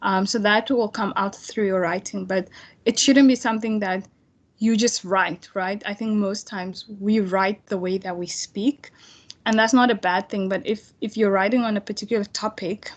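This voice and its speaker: A woman's voice: medium pitch, steady tone, moderate pace. Casual young woman tutoring online. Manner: casual, chatty, many fillers and restarts. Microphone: computer mic on video call.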